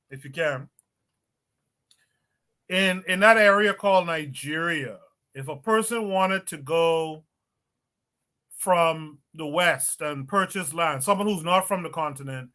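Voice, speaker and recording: A man's voice: on the high side, slow, pauses often, bright, forceful tone. A man hosting a podcast livestream, speaking directly to guests and listeners and putting long questions to them. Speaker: podcast host.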